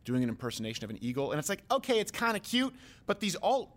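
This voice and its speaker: A man hosts a talk show with rapid, bouncing delivery. His pitch sits a little high and swings widely as he jokes and riffs. Loose, casual banter throughout. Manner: animated, quick, joking asides. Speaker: host.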